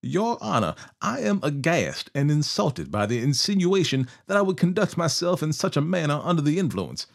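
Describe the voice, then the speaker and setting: A man's voice: fairly high pitch, big pitch swings, normal speed, vocal fry, few pauses, voice pushed up, heavily acted. A man voicing a smug young male outlaw, mocking and cocky. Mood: mock offended.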